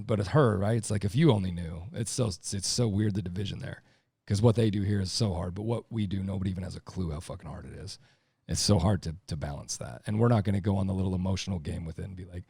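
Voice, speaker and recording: Deep gravelly man, blunt and profane. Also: a little fast, a little mellow, no room sound, clean studio sound. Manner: blunt, profane, emphatic storytelling. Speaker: podcast guest, lineman. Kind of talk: casual podcast chat.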